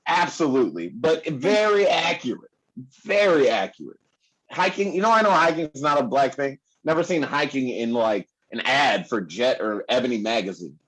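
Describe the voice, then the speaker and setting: A man's voice: medium pitch, expressive, fairly quick, hardly any pauses, a bit bright, rough recording. A man performing a stand-up comedy set on a club stage, rambling with lots of fillers and laughing at his own jokes. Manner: rambling, filler-heavy delivery.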